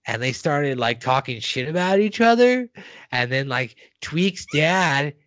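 A man's voice: a little high, big pitch swings, a little slow, a bit bright, dry recording. Chatty man retelling a cartoon. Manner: retells scenes while acting out the characters' lines, laughing often. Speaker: podcast host recapping a cartoon episode. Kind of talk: casual chat.

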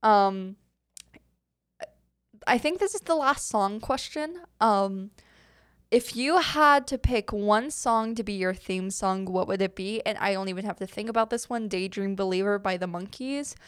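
A woman's voice: mid-range voice, unhurried, a bit bright, clear, resonant tone, no echo, clean studio sound. A young adult woman hosting a podcast, answering listener questions in casual, rambling chat full of fillers and giggles. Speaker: podcast host. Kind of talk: casual solo Q&A.

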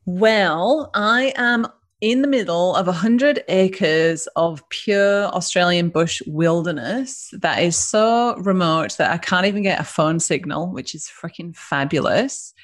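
Northern English woman, business founder guest, chatty and laughing, lower-pitched voice. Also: takes it slowly. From northern England. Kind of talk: casual interview chat.

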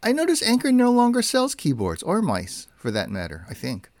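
A man's voice: sits high, wildly swooping pitch, normal speed, a little mellow, no room sound. A man co-hosting a casual tech podcast, chatty and rambling, often correcting himself mid-sentence. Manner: chatty, rambling, self-correcting with many fillers. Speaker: podcast co-host.

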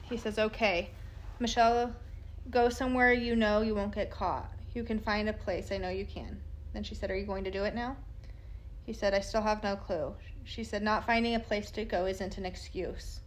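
A woman recounting a true crime case by reading an exchange of texts aloud. Her pitch sits in the middle for a woman, and she keeps her delivery plain and matter-of-fact, breaking in with casual asides between messages. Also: steady tone, normal speed.

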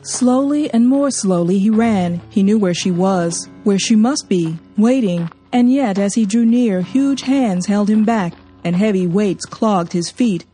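A woman narrates a novel for an audiobook in a measured, expressive way. Her voice is dark and mellow, at a middle pitch. Faint music runs under the reading. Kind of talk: storybook reading.

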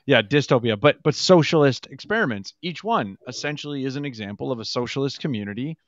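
A male podcast co-host with a mid-pitched voice talks thoughtfully. He corrects himself mid-sentence as he goes. His sound is dry and somewhat dull and lo-fi. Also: lively intonation, fast talker, no room sound. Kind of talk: podcast conversation.

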